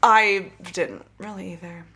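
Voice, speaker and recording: A young woman with a bright, ringing tone chats loosely on a podcast about a film she watched. She jokes, giggles and tosses in quick asides, at an even, middling pitch. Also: husky. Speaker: podcast co-host. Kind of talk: casual chat.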